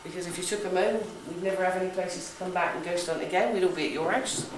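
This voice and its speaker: Fairly low-pitched and fast-talking, a woman with a West Country accent runs a ghost hunt as a psychic, chatting and joking with the group and checking "okay?". It was recorded from far away by a camera in an old building's big, echoey room, against a noisy background.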